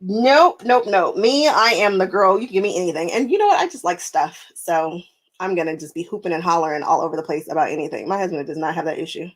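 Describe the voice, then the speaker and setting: A woman hosting a casual crafting live stream, chatting with viewers while she sews, animated and often laughing, repeating phrases for emphasis. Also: lowish voice, fast, rough recording. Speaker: quilting live stream host. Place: home sewing room.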